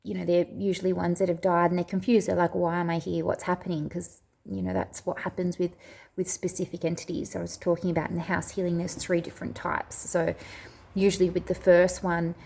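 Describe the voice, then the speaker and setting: Woman vlogger, casual storytelling to camera, rambling and chatty, hesitant restarts, slightly low voice. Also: flat delivery, fairly quick, vocal fry, a little mellow, husky. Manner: chatty, rambling, drifts off track. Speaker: spiritual video host.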